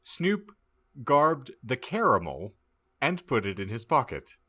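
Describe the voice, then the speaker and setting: A man reading a badly written story aloud as a comic audiobook, deadpan and stumbling over misspelled words. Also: mid-range voice, slow pace. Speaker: podcast host reading aloud.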